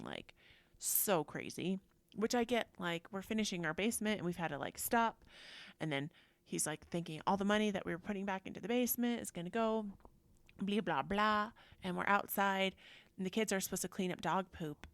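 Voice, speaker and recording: A woman hosting a podcast, telling personal stories in a chatty, animated way and acting out what people said. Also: medium pitch, creaky, no echo. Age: adult. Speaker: podcast host. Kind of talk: casual personal storytelling.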